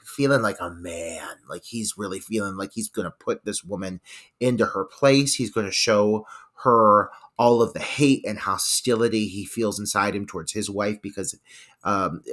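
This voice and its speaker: Male podcast co-host, bright tone, emphatic and profane, casual film talk. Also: on the low side.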